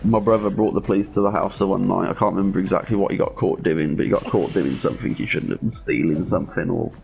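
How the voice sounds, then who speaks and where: A man's voice: low voice, fairly even intonation, quick pace, vocal fry, a little mellow, low-quality recording. A man chatting casually on a stream in a laid-back, musing way. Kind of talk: casual chat.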